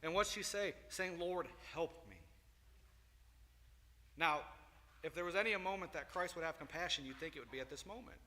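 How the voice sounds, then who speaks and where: A man leads a Bible lesson in a church hall, telling the story with lively acted-out quotes. His voice is bright and forceful and sits fairly high. The sound carries a long hall reverb. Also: quick pace. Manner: animated storytelling, acting out quotes. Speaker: Sunday school teacher.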